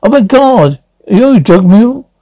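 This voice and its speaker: A man voicing an excitable cartoon character in animated series dialogue. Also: high-pitched, moderate pace, no room sound, dull audio.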